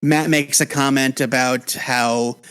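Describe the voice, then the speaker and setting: A man's voice: mid-range voice, steady tone, slow, fairly bright tone, clear, resonant tone. A man co-hosting a casual podcast chat, who often restarts his sentences and trails off while he thinks. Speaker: podcast co-host.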